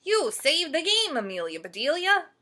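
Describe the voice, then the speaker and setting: A woman voicing an eager, shouting team of young baseball boys in a children's storybook. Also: sits high, big pitch swings, moderate pace, pitched above the performer's own voice, exaggerated voice.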